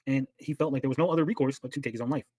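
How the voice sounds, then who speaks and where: A man's voice: mid-range voice, very fast, dark tone, no room sound. A man hosting a livestream, arguing heatedly and swearing as he reacts to clips. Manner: heated, argumentative, swears a lot. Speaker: livestream commentary host. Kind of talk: casual profane stream commentary.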